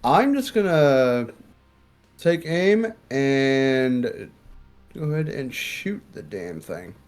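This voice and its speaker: A man's voice: mid-range voice, big pitch swings, extremely slow, faint music behind. A man taking his turn as a player in a tabletop game, talking casually and unhurriedly.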